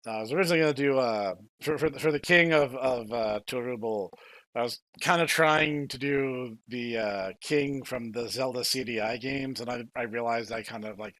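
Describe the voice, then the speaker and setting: A young man hosting a podcast in casual chat, lively and quick to laugh, often stumbling over his words. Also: medium pitch, dry recording. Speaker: podcast host.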